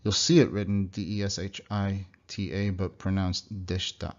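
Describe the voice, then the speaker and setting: A young man talks through a pronunciation lesson in a low, deep voice. He explains each sound, then says the example word slowly several times. The sound is dull and lo-fi, like a computer mic recording. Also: level tone. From United States. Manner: explanatory, demonstrates words slowly and repeats them. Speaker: language teacher. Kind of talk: recorded slide lecture.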